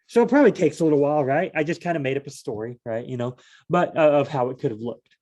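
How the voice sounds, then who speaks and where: A man hosts a solo Bible study, reading aloud and chatting casually in a mid-range voice with a darkish tone. Along the way he muses informally and briefly performs scenes in quick voices.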